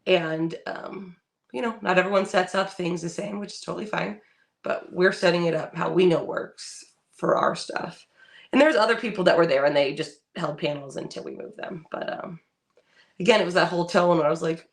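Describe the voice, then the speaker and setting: A woman's voice: fairly low pitch, fairly quick, creaky. A woman co-hosting a casual podcast chat, telling a story bluntly, swearing freely and acting out what people said. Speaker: podcast co-host.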